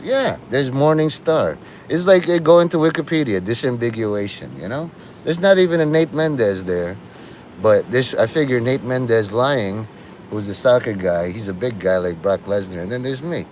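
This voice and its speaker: A man rambles through a loose, profane livestream monologue and keeps laughing at his own jokes. His voice sits at an ordinary middle pitch. Faint traffic hums behind him outdoors. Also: animated, moderate pace, a little mellow. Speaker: livestream host.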